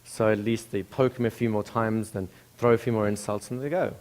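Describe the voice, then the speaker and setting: A man's voice: fairly low pitch, steady tone, a little fast, darkish tone. A man telling a story in a casual, conversational way, with restarts and asides to the listener.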